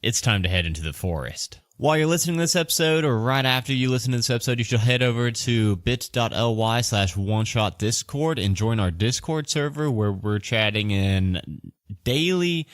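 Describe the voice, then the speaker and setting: A man who is a dungeon master and podcast host, doing a casual sponsor read and game narration in a chatty way full of fillers and quick asides. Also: mid-range voice, no echo, studio quality.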